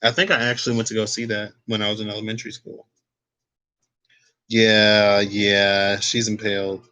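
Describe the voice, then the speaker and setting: Guy doing a laid-back tarot reading, rambly and curious, bright punchy voice. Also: lowish voice, monotone, normal speed. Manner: rambling, curious, chatty with tangents. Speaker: tarot reader. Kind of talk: casual tarot card reading.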